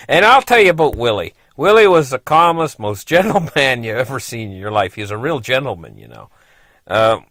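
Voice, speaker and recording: This is a middle-aged man recounting a personal story in an easygoing, rambling way. He chuckles often and fills gaps with "you know" as his ordinary, mid-pitched voice wanders from detail to detail. The sound is dry and close, with no room around it. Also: animated, normal speed, a bit bright, dry recording. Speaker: vlogger telling a personal story. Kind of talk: casual spoken storytelling.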